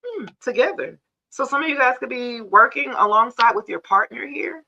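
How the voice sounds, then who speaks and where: A woman's voice: fairly high pitch, lively intonation, moderate pace, creaky, pushed and bright. A woman hosting a casual live tarot reading, chatting straight to viewers and calling them y'all, on dull lo-fi stream audio.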